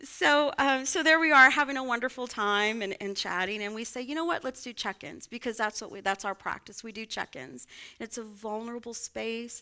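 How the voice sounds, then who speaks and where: A woman's voice: on the high side, fairly quick, creaky. A woman pastor, preaching a sermon and telling a personal story, often asking her listeners "right?". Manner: warm conversational, asks congregation "right?". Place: church sanctuary.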